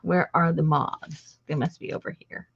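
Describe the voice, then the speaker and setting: A woman's voice: low voice, steady tone, moderate pace, vocal fry, breathy edge, lo-fi sound. A woman hosting a crafting video, chatting casually and thinking aloud as she works. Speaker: crafting channel host. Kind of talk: casual chat while crafting.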